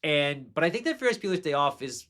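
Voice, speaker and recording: A man's voice: on the high side, big pitch swings, fast talker, a bit bright. A man hosting a podcast, talking through a favorite film in a casual, enthusiastic and rambling way, with fillers and restarts. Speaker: podcast host.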